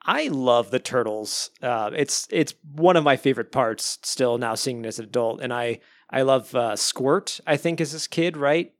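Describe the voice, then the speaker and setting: A man from Arizona chats on a podcast in a playful, lively way. His voice sits in the middle range and is recorded dry and close. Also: medium pitch, normal speed, hardly any pauses, no echo. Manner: chatty, playful, animated. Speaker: podcast co-host. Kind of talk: casual podcast chat.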